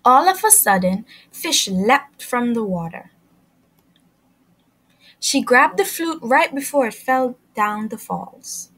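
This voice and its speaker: A woman reads a picture book aloud to young children, taking her time over each phrase. Her high voice swoops up and down in a lively, sing-song way. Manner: slow, expressive, sing-song storytelling. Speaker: children's story reader and channel host.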